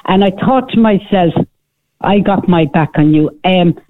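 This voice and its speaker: A woman's voice: fairly low pitch, unhurried, slight background noise. Older Irish woman on a tinny phone line. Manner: animated storyteller, sarcastic, acts out quoted speech. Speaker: caller. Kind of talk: radio phone-in chat.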